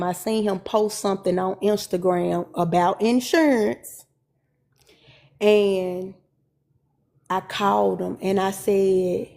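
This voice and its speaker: Woman chatting to viewers, mellow warm voice, says y'all a lot. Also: medium pitch, gravelly. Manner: conversational, Southern Black vernacular, addresses viewers as y'all. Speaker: storyteller and minister. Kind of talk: casual storytelling to viewers.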